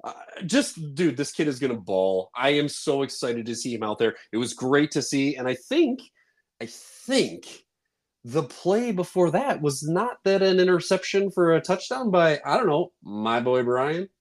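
Male co-host, animated and rambling, very lively pitch. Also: unhurried. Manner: animated, excitable, rambling with fillers. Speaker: podcast co-host. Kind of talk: casual sports podcast chat.

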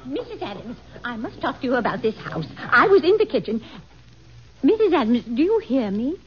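A chatty fussy housekeeper. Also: female voice, fairly high pitch, wildly swooping pitch, a little fast. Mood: fretful. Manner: chatty, complaining. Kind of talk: 1940s radio acting. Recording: dull old radio recording.

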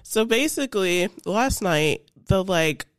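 A young woman telling a funny story on a casual podcast, animated and swearing freely. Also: mid-range voice, takes it slowly, no echo, clean studio sound. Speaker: co-host.

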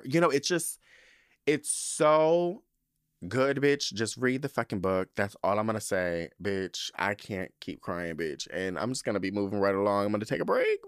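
A young man talks casually on his podcast in a lowish voice. He is sassy and animated, swears freely, and the recording is dry with no room sound. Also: normal speed, smooth, no room sound. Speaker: podcast host. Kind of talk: casual chat.

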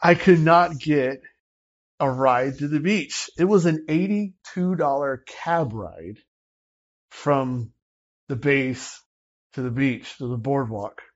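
A man telling a personal story in a casual interview, lively and acting out the dialogue. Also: mid-range voice, takes it slowly, dull audio. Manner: animated, acts out dialogue from the story.

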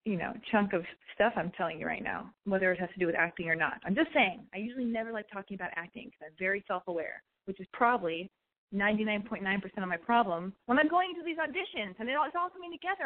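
Rambling woman radio host, phone-line sound. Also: on the high side. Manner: rambling, self-analytical, restarts and fillers. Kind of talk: candid monologue with swearing.

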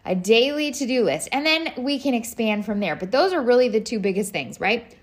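A woman's voice: a little high, lively intonation, moderate pace. A woman in her thirties hosting a podcast, chatting casually with lots of fillers and restarts. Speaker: podcast host. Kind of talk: casual solo podcast talk.

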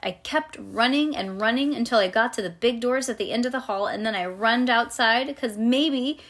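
A woman reading a children's storybook aloud to a child, lively and pausing to explain things. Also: fairly high pitch.

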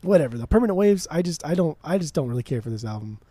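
A man's voice: fairly high pitch, sing-song, very fast, dark tone, no echo. A man co-hosting a podcast in casual chat, blunt and emphatic, swearing freely. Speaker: podcast co-host.

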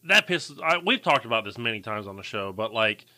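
Bright, lively, joking male podcast host. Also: lowish voice, fairly quick, no echo. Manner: laughs a lot, joking and profane. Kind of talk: crude casual chat.

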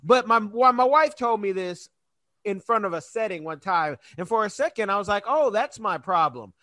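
A man hosting an interview, talking in an animated, chatty way and laughing easily. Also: high-pitched, normal speed, no room sound. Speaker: podcast host. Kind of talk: conversational interview.

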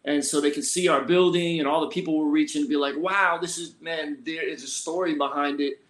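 A middle-aged man from Philadelphia, a senior pastor and guest, telling his story in a relaxed, colloquial way. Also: a little high, a little fast. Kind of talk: casual conversational storytelling. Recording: roomy echoey sound.

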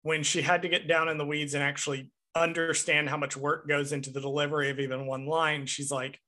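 A man co-hosting a podcast, recapping a movie in an animated, enthusiastic way and swearing casually. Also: fairly high pitch, fairly quick, hardly any pauses. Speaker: podcast co-host.

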